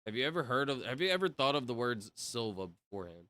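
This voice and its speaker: A man's voice: medium pitch, sing-song, fast talker, bright, forceful tone. A young man livestreaming, chatting casually with viewers in a rambling way full of fillers. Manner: rambling, talks to chat, many fillers.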